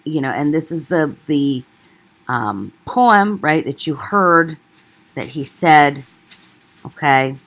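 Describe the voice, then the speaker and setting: A woman teacher explaining a reading to her class, often checking in with "right?" and pausing on fillers. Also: sits low, lively intonation. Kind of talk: classroom lecture.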